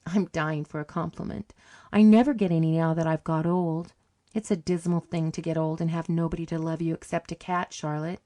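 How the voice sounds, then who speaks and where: A woman's voice: low voice, steady tone, a little fast, warm tone, dry recording, close to an everyday voice. A woman voicing a bitter, grim older woman who lives alone with a cat, in a blunt and dry way.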